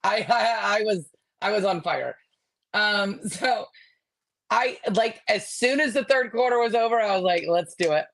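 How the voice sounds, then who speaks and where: A woman co-hosting a sports podcast, telling a story in a sassy, animated way. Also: medium pitch, measured pace, gravelly. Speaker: podcast co-host.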